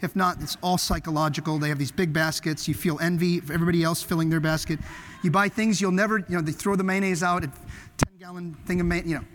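A man preaching a sermon, telling stories with animated swings between loud emphasis and hushed asides. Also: on the high side, fast, slight background noise. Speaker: pastor. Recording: long hall reverb.

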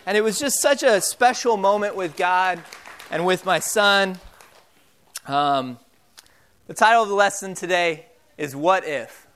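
A man's voice: high voice, unhurried, a bit bright, clear, resonant tone. A young man preaching a sermon as pastor, telling family stories in a casual way with many fillers. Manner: casual storytelling with frequent fillers.

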